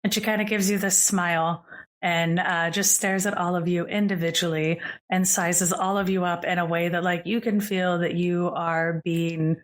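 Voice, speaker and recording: A woman's voice: lowish voice, level tone, measured pace. A woman narrating as game master in a casual, chatty storytelling manner.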